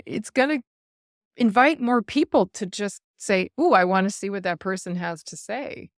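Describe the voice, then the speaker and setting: A woman guest on an interview show, talking in an earnest, animated way and laughing now and then as she tells stories, heard over a video call. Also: mid-range voice, normal speed, no room sound, studio quality. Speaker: guest speaker. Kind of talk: casual interview chat.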